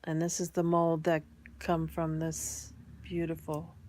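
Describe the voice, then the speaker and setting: A woman vlogging casually about her molds, excited and chatty, sometimes dropping to a near-whisper. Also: sits low, a little slow, slight background noise. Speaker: crafts vlogger. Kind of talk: casual chat.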